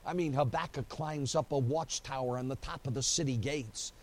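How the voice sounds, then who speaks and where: A man with a medium-pitched voice and moderate pace preaches at an evening church service as its pastor. He tells the story with animation, acting out quotes and often saying "you know."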